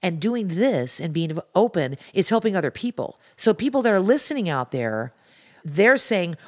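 A woman's voice: fairly low pitch, sing-song, normal speed, darkish tone. A woman guest on a podcast, talking in an earnest, rambling, motivational way. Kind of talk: casual podcast chat.

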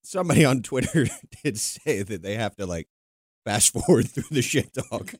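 Animated, joking young man podcaster. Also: mid-range voice, normal speed, slightly rough, dry recording, studio quality. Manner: jokey, rambling, with many restarts. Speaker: podcast co-host. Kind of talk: casual chat.

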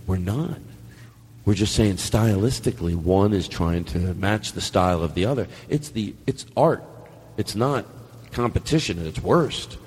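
A man's voice: lowish voice, darkish tone, breathy edge, long reverb tail. A man hosting a show, riffing in a rambling, profane way and acting out what he imagines others say. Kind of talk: casual comedic riffing. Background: music playing.

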